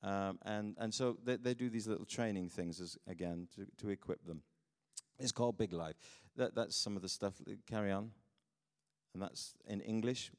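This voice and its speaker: A middle-aged man from the UK, a pastor preaching a sermon and telling mission stories with animated delivery, laughing at his own tales. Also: lowish voice, moderate pace, in a large hall. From United Kingdom.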